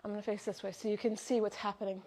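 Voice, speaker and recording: A woman's voice: medium pitch, little pitch movement, rapid-fire, warm tone. A young adult woman leading a live workout class, upbeat, counting reps and giving body cues, a little out of breath. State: slightly out of breath. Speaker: fitness instructor.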